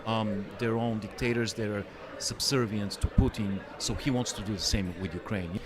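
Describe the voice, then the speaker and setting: A man on a podcast panel, opinionated and rambling, getting loud when he jokes. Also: fairly low pitch, steady tone, moderate pace. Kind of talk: casual panel chat. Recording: crowd noise behind.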